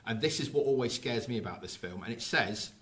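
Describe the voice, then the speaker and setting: Male podcast host, animated storyteller, bright edge to the voice. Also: mid-range voice, fairly quick. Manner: lively storyteller recounting film plots. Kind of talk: casual podcast chat.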